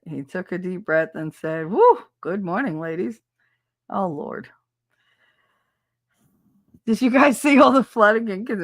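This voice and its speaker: Middle-aged woman, livestream host, chatty, laughs a lot, low voice, dry close sound. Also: dry recording. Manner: chatty storyteller who laughs often and acts out quotes. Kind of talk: casual chat, reading out viewer comments.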